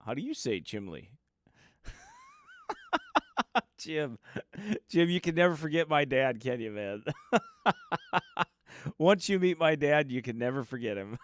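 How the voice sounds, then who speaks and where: A man's voice: medium pitch, lively intonation, slow pace, long pauses. A man, a pastor from the United States, chatting casually and joking with livestream viewers before his sermon. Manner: chatty, joking, reads viewer names aloud.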